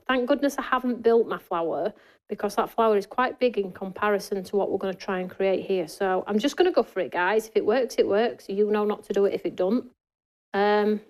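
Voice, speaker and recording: Woman, craft show host, live demonstration, chatty, talks to viewers, mid-pitched voice, indoor studio. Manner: chatty, talks to viewers and reads their comments.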